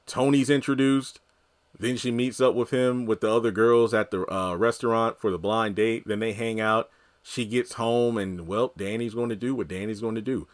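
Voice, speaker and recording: A man's voice: lowish voice, steady tone, moderate pace. A man giving casual, rambling commentary, heavy on filler words. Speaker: TV recap commentator.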